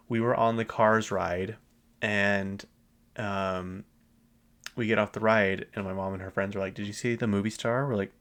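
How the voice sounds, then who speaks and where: A man's voice: fairly low pitch, fairly bright tone. A young man hosting a casual solo podcast, telling stories in a chatty way with frequent ums and likes. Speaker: podcast host.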